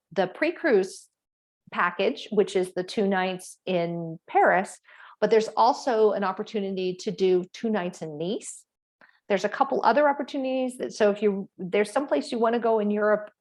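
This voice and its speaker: A middle-aged woman talks clients through a trip in a loose, friendly presentation. Her pitch sits in the middle of the female range. She rambles a little, drops in fillers and corrects herself as she goes. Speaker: travel agent presenting a group cruise.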